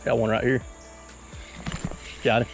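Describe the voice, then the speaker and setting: In a casual outdoor vlog, a man who hosts a fishing channel chats easily as he wades and casts in a mountain creek. He has a mid-range voice with vocal fry, little pitch movement, and an unhurried pace. Music plays behind him, and insects buzz in the field recording.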